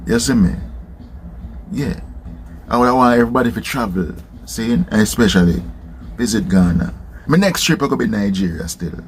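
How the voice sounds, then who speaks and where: Animated Jamaican man telling a story. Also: lowish voice, normal speed, pauses often, slight background noise. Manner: animated, patois, rhetorical "seen?" tags. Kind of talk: casual storytelling.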